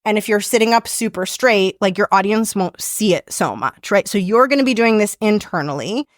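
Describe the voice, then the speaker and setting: A woman's voice: medium pitch, animated, normal speed, dry recording. Dry, casual woman voice coach. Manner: casual, upbeat, teacherly, with frequent "like" fillers. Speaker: podcast host and voice coach. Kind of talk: instructional podcast talk.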